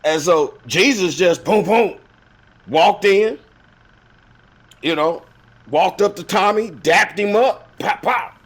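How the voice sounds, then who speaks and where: A man hosting a show, retelling a Bible story as casual comedy with slang, acting out the characters in lively voices. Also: sits high, slow, pauses often, slightly rough. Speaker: host.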